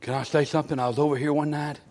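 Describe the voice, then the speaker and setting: A man preaching a fervent revival sermon in a church, moving between quiet storytelling and loud shouted exclamations. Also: fairly high pitch, little pitch movement, rapid-fire. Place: church sanctuary.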